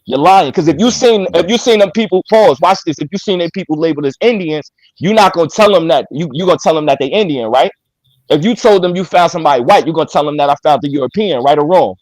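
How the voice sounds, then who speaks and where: A man's voice: a little high, animated, a little mellow, no echo, poor audio. Insistent man debating on a dry mic. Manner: interrupts with repeated "pause", blunt and insistent. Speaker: debate stream host. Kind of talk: heated debate.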